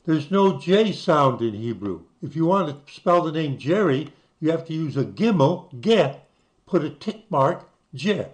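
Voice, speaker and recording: A man's voice: a little high, sing-song, normal speed, hardly any pauses. An older man from the United States who talks you through websites in a casual screen-share, spelling things out letter by letter. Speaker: channel host.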